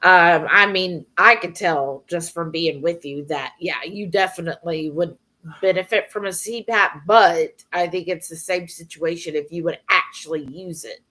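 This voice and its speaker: A woman co-hosting a casual chat, prompting with questions and filling pauses with ums. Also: on the low side, bright, forceful tone. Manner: chatty, many fillers, prompting questions.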